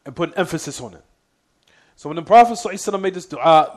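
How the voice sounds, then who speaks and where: This male Islamic teacher speaks on the high side, with lively intonation. During his religious lesson he keeps asking the class "what?", goes back over important points, and rattles off Arabic quotations at speed.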